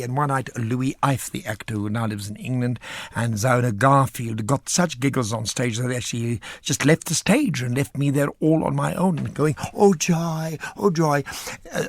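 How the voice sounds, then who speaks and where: A man's voice: medium pitch, gravelly, breathy edge, no echo. An older man, an actor, telling theatre anecdotes in a flamboyant, theatrical way. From South Africa. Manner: animated, theatrical storyteller with flamboyant asides. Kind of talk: theatrical anecdote in a radio interview.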